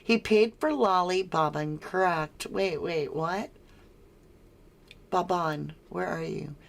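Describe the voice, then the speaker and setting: A woman's voice: lowish voice, slow pace, vocal fry. An American woman hosting a casual true crime livestream, reading viewer comments aloud and answering them with frequent chuckles. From United States.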